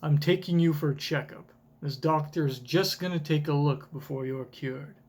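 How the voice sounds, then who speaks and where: A man reading a calm, kind giant. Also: on the high side, moderate pace, husky. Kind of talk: reading a comic aloud in voices.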